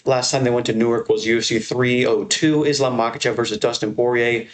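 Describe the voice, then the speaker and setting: A young American man rambles through a tier list in a loose, excitable way, swearing freely as he goes. His voice sits at an ordinary middle pitch and jumps higher when he gets worked up. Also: brisk. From American Northeast. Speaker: MMA content creator. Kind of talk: casual tier-list commentary.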